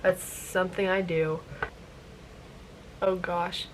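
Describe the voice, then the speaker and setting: A woman's voice: lowish voice, little pitch movement, slow, slight background noise. A woman chatting playfully while doing her makeup, going off on tangents and asking rhetorical questions. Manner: rhetorical "guess what" questions. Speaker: beauty vlogger.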